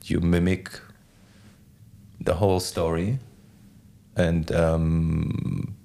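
Here the same kind of guest, deep-voiced and gravelly, talks very slowly in a laid-back conversation. He wanders through his thoughts, leaning heavily on "like" as filler.

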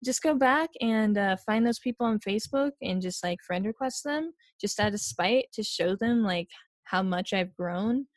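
A young woman in casual podcast chat, telling stories with lively quoted voices. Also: mid-range voice, moderate pace, no echo. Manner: animated storytelling, quoting others.

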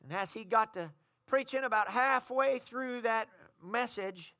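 A man's voice: extremely high pitch, a little slow, vocal fry, no echo, clean studio sound. A man preaching a sermon, telling a story and calling the congregation to respond. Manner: storytelling, rising to shouted fervor.

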